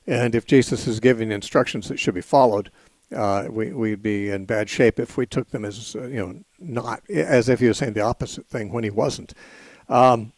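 A man hosting a call-in radio program, explaining scripture at an unhurried, measured pace. He pauses often with small fillers. His voice is close and dry, with no room sound, from a studio microphone. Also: mid-range voice, no echo. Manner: measured, explanatory, with frequent "uh" and "you know". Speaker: radio call-in show host. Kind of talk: call-in radio Bible answers.

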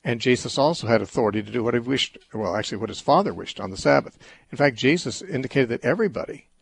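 Middle-aged male call-in host, calm explainer, husky tone, dry studio mic, mid-range pitch. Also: quick pace. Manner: calm, reasoning, explains with everyday examples. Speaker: radio call-in show host. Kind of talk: call-in Bible teaching talk.

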